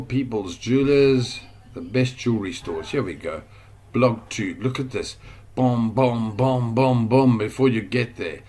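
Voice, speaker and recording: A man with a South African accent giving a casual screen-share tutorial on online business, rambling and thinking aloud with excitable bursts. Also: medium pitch, a little hiss or hum.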